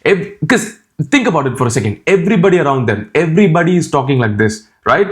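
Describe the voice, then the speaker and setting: A young man from India with a mixed Indian and Australian accent, teaching to camera in a brash, cheeky and energetic way. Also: a little high, brisk. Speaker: accent coach. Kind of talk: direct-to-camera teaching vlog.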